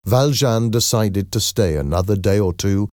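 A man with a very low, mellow voice reads a story aloud in measured, steady narration. The recording is dry and close, with no room sound. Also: dry recording.

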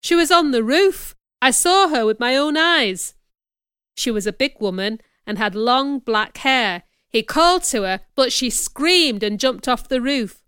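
A woman reading a storybook, voicing a calm, plain-spoken old innkeeper in a bright, clear voice. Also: sits high, unhurried, dry recording, studio quality. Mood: grave.

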